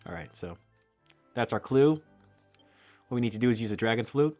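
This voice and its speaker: A man hosting a game playthrough with a medium-pitched voice. His commentary is casual and joking, with the occasional curse word. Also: expressive, fairly quick, pauses often, a little mellow, faint music behind. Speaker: let's-play host.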